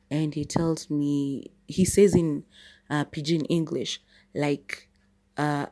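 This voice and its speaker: A woman's voice: low voice, fairly even intonation, normal speed, vocal fry, warm tone. A Kenyan woman hosting a podcast, telling a personal story in a chatty, casual way, switching between English and Swahili. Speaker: podcast host.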